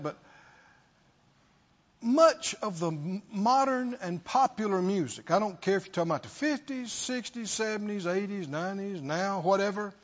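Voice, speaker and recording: A male preacher giving an emphatic sermon and throwing rhetorical questions at his congregation, in a dull lo-fi recording. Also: high-pitched.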